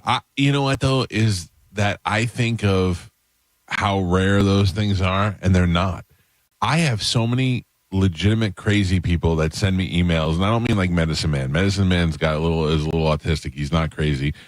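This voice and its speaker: Deep-voiced male radio host. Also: moderate pace, no echo. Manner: storytelling, animated when quoting others. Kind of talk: casual radio banter. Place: radio studio.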